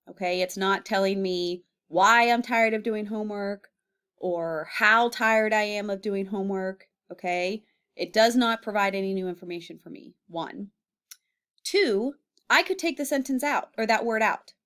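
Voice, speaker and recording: Patient woman teacher, steady mid voice. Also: medium pitch. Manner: patient, with frequent "okay?" check-ins and fillers. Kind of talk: classroom grammar lesson.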